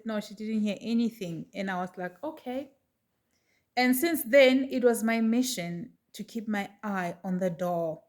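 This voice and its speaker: A middle-aged woman telling a personal story to her viewers in a chatty, animated way. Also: on the high side. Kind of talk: casual storytelling to camera.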